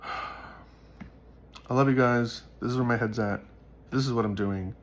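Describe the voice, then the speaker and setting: Speaking a little slowly in a steady, medium-pitched voice, a man addresses his viewers about his faith. His monologue is casual and earnest, rambling along with plenty of fillers, the way a faith vlogger might talk.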